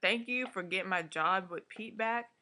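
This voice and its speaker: A woman's voice: mid-range voice, normal speed, sharp tone, lightly acted. A woman voicing an indignant, jealous young boyfriend who talks in slang.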